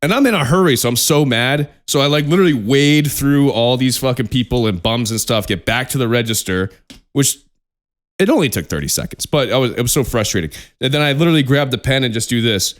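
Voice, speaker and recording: A young man co-hosting a podcast in casual chat, animated and profane, laughing often. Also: mid-range voice, brisk. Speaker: podcast co-host.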